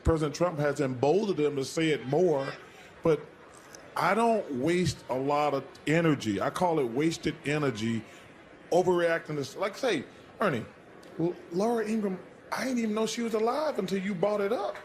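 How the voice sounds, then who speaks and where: A man's voice: on the high side, animated, normal speed. A man on a TV studio panel, talking bluntly and cutting in to get his word in. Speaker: TV studio analyst. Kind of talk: television studio panel talk.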